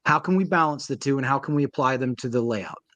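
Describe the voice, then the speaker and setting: Animated paintball coach telling stories. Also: male voice, mid-range voice, quick pace, no room sound. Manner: animated storyteller, acts out quoted voices. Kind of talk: casual interview talk.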